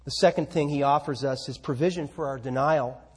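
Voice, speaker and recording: A man preaching a sermon, emphatic, with rhetorical questions and swings between loud and soft delivery. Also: medium pitch, fairly even intonation, fairly quick, husky.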